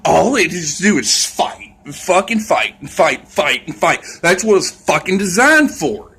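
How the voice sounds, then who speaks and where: A man's voice: sits high, sing-song, a little slow, few pauses, sharp tone, breathy edge. A man ranting in a casual vlog, rambling and scornful, swearing constantly. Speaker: vlogger.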